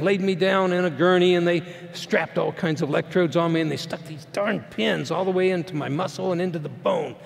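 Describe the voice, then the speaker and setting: A middle-aged man tells a personal story to a live audience in a plainspoken, folksy way. His voice sits a little high and has a gravelly edge. The sound carries a long reverb from a big hall. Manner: plainspoken folksy storytelling, swinging from hushed to loud. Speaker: motivational speaker.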